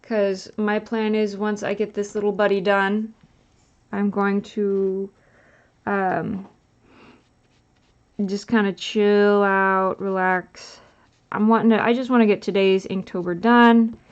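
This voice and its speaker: A tired woman livestreaming as she inks a drawing, chatting in a rambling, relaxed way with lots of filler words. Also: mid-range voice, slow. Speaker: livestreaming artist. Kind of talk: casual chat while inking a drawing. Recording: dull lo-fi sound.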